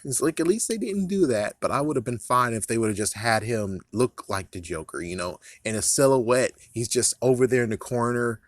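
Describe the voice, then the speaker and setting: A man's voice: medium pitch, expressive, brisk, hardly any pauses, no echo. A man in casual movie commentary, rambling, swearing and laughing at his own jokes. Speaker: vlogger.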